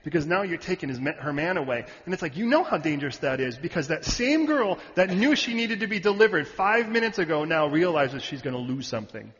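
A man preaching a sermon in an animated way, often asking his audience questions. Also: on the high side, brisk, few pauses. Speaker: pastor. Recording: reverberant hall, dull sound.

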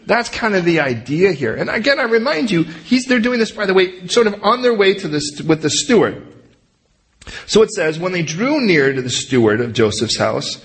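Man, pastor, verse-by-verse sermon, animated, acts out characters, conversational. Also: sits high, a little fast.

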